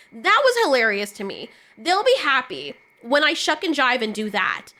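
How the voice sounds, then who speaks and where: Woman youtuber venting, swears a lot, bright sharp voice. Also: sits high. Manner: blunt, sarcastic, swears freely. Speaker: YouTube commentator. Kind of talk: casual opinion rant to camera.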